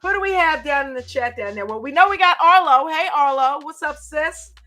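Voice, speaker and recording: A woman hosting a live stream chat, greeting viewers by name in a lively, casual way and laughing often. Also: high-pitched, brisk.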